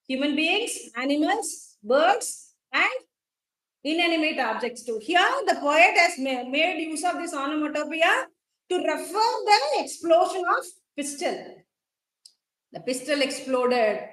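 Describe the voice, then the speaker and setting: A woman's voice: sits high, echoey room, rough recording. A woman with an Indian English accent teaching a college English class, explaining poetic terms and quizzing students, with frequent fillers. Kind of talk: classroom lecture on a poem.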